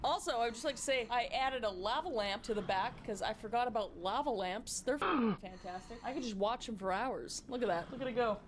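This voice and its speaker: A woman streamer giving casual, chatty reaction commentary with quick exclamations. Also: fairly high pitch, background noise.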